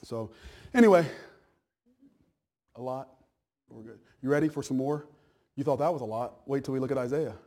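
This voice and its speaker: A pastor preaches a sermon in a church and gives Bible class announcements. His voice is medium-pitched and warm, his pace moderate with long pauses, and his manner folksy and conversational as he repeats words and checks in with listeners.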